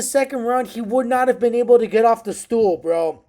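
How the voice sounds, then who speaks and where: Man in his thirties, MMA recap vlogger; profane, slangy, excitable delivery with a mellow, warm tone. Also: extremely high pitch, normal speed, hardly any pauses. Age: 30s. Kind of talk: casual fight recap monologue.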